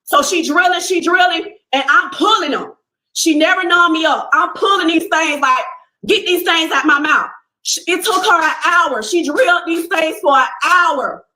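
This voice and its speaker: Young woman, casual storyteller vlogging to her followers, sharp bright voice, acts out the other people in the story. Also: very high voice, normal speed, roomy sound, rough recording. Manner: animated, talks to viewers as y'all, acts out what people said. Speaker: person telling a personal story. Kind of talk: casual first-person storytelling.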